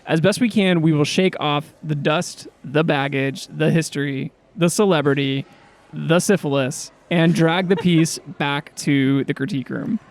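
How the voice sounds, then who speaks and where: Jokey man with a higher voice. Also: a little slow. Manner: jokey, irreverent, swears casually. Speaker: podcast co-host. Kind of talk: casual scripted podcast banter.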